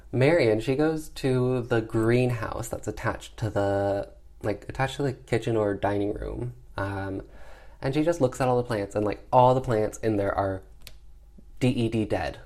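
A man's voice: fairly low pitch, a little mellow. A man giving a casual, sassy recap of a horror film, chatty and peppered with filler words. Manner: acts out characters' lines in quick voices. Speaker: film reviewer.

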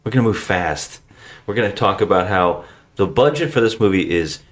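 A man with a deep voice hosts a casual podcast. His pitch swings a lot as he teases his guests and keeps things moving. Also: lively intonation. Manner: jokey, quick banter. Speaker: podcast host. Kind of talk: casual chat.

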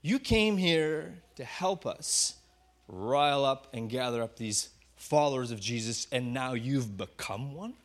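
A man's voice: mid-range voice, expressive, unhurried, pitched below the performer's own voice, close to an everyday voice. A man preaching, voicing a group of angry male townsmen who grumble and plot.

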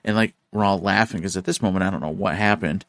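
A man hosting a podcast, telling a story in casual chat, animated and profane, acting out the voices of the people in it. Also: sits low, quick pace, no room sound. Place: studio.

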